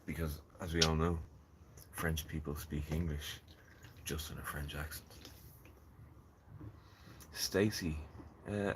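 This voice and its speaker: A man's voice: a bass voice, slow pace, long pauses, noisy background. A man chatting casually on a gardening live stream, rambling and joking with viewers from his greenhouse. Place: in a greenhouse in the rain.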